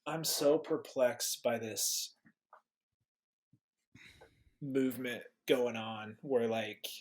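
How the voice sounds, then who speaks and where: A man's voice: mid-range voice, extremely slow. Hesitant man musing in casual chat. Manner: thoughtful, hesitant, restarts sentences. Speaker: podcast guest.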